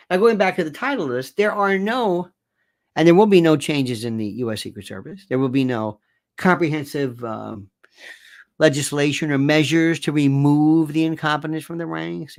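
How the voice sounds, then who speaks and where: A man's voice: fairly high pitch, vocal fry. A man hosting an opinion commentary show, talking in a sarcastic, emphatic way with incredulous outbursts. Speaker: political commentary host.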